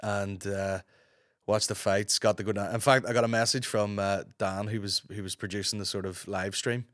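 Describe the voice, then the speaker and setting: A Northern Irish man chats alone into a close, dry mic, his voice a little low and roughened by a sore throat. He talks casually and rambles, throwing in plenty of swearing. He sounds like a man in his thirties hosting his own podcast. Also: level tone, moderate pace, fairly bright tone, no room sound. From Northern Ireland. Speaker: podcast host. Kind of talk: casual solo podcast chat.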